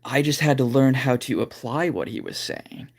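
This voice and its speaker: A man at home talks through a casual vocal lesson on a livestream. His sentences ramble and loop back, full of fillers. His voice sits at an ordinary middle pitch. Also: huge pitch swings, normal speed, creaky, husky. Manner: rambling, loose talk with many fillers. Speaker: vocal coach streaming live.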